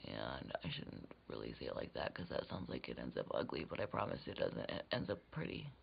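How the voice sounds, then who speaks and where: Gravelly-voiced woman chatting through a makeup tutorial. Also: a bass voice, very animated, a little fast, slight background noise. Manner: rambling, swears freely, drops into whispered asides. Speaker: beauty vlogger. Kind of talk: casual makeup tutorial chat. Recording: dull lo-fi recording.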